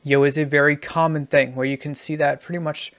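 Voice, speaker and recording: Gravelly male writing tutor, explanatory, dry close mic. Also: a little high, little pitch movement, a little fast, fairly bright tone, no echo. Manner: explanatory, loose with restarts. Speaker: writing teacher.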